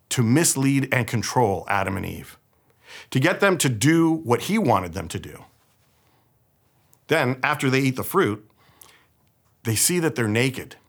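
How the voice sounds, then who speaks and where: A man's voice: medium pitch, a bit bright, slightly rough. A young man from the San Francisco Bay Area telling a personal story in a conversational sermon. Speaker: pastor.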